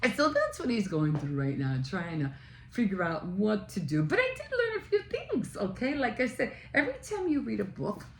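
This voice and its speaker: A woman's voice: mid-range voice, huge pitch swings, normal speed, roomy sound, slight background noise. A woman chatting casually about a book she is reading, retelling scenes in a rambling storytelling way. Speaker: book vlogger.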